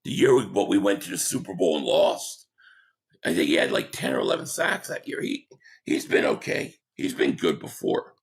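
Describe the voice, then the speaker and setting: A hoarse man with a gravelly, creaky voice hosts a casual live stream, reading viewer comments and agreeing or pushing back bluntly. His voice sits fairly low but swings widely in pitch. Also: huge pitch swings. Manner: opinionated, quick agreement with viewers.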